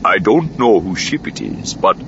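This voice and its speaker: A man voicing an earnest male alien diplomat, low and measured. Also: gravelly, full character voice. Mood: tense. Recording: dull lo-fi with steady noise.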